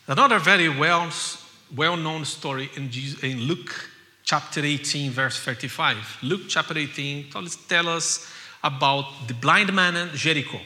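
Man preaching, fervent repeated phrases, very bright tense voice, echoing church hall. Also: a little high, moderate pace. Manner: impassioned, repetitive preaching that builds to loud cries. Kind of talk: sermon. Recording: long hall reverb.

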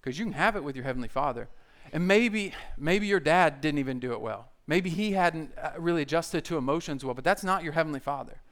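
A man gives a conversational sermon as pastor. He slips in jokes and keeps his delivery animated, with a voice pitched a little above the usual male range. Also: brisk, hardly any pauses. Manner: conversational, joking, animated preaching.

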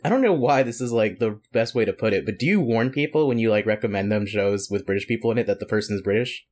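A man co-hosting a podcast in casual chat, easygoing and quick to laugh, often rambling. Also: fairly low pitch, darkish tone. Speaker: podcast co-host.

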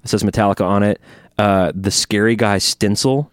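A man's voice: fairly low pitch, steady tone, moderate pace, no echo, studio quality. A man co-hosting a podcast in casual chat, rambling and joking, recovering from a tooth extraction. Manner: rambling, joking, self-interrupting. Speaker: podcast co-host.

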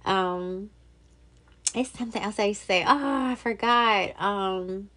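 A woman's voice: medium pitch, unhurried, fairly bright tone. A woman hosting her own podcast in casual solo chat, upbeat and chatty, talking straight to her listeners. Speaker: podcast host.

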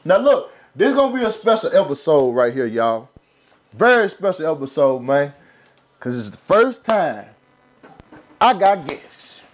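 A man's voice: on the high side, very animated, measured pace. A man hosting a casual podcast, talking loose and slangy as he hypes up his guests. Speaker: podcast host.

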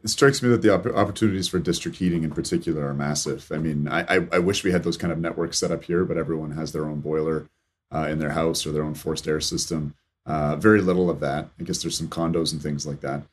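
A man from Canada with a very deep, husky voice hosts an interview. He talks quickly. His questions are thoughtful and probing. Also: fairly even intonation. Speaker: interview host.

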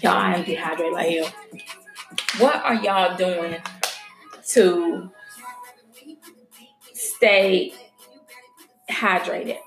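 A woman's voice: fairly low pitch, drawn-out words, vocal fry, long pauses. Frank, chatty woman in an echoey room. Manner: frank and chatty, swears freely, talks straight to viewers. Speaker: vlogger. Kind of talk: casual chat to camera. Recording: roomy echo with faint music.

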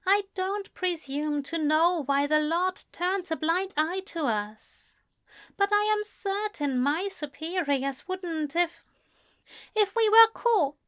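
A fussy, soft-spoken male angel, as a woman reads him with a high, lifted voice that leaps around as he stammers out polite, formal apologies. A dry, close storybook reading. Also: lively intonation, slow, no echo, full character voice. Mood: earnest.

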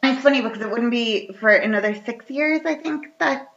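A woman in casual conversation, retelling a story with lively energy and plenty of swearing. Her voice sits fairly high. The recording sounds roomy and a little dull. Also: brisk, soft background music. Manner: animated storytelling, acting out lines with sweary humour. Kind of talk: casual chat.

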